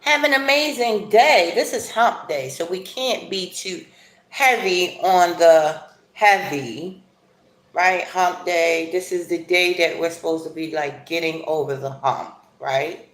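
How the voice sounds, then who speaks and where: A middle-aged woman hosting a casual livestream, chatting in a rambling, playful way with animated asides. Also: fairly low pitch, slow, echoey room. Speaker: livestream host. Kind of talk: casual live chat while eating breakfast.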